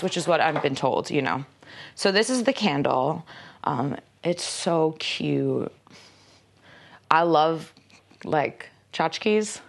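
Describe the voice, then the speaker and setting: A woman chatting casually through an unboxing, rambling with lots of filler words and self-mocking jokes. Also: deep voice. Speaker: magazine staffer presenting an unboxing.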